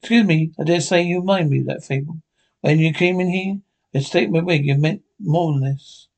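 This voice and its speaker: A man doing a wry, calm ship's doctor. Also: a little high, moderate pace, creaky.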